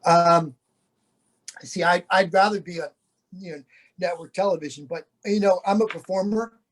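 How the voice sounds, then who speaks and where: A middle-aged man talks as an interview guest, an actor. He rambles and restarts his sentences often, keeping a good-humored, easygoing tone throughout. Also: fairly high pitch. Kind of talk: casual interview chat.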